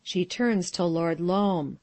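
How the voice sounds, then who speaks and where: Lady reading the stage bits of a play, low voice, very dry. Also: slow pace, a little mellow, no room sound. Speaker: narrator of stage directions. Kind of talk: audio drama narration.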